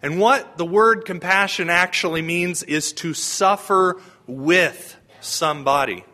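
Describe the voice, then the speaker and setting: A man delivers a homily with a bright, clear edge to his voice. His pitch sits a little high. He preaches in a conversational way and often puts questions to the congregation. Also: slow pace. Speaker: priest.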